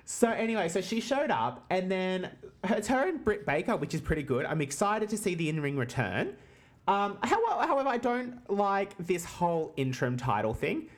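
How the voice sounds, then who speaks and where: A woman's voice: lowish voice, big pitch swings, moderate pace. A woman hosting a casual wrestling podcast, teasing and swearing freely, often laughing. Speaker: podcast host.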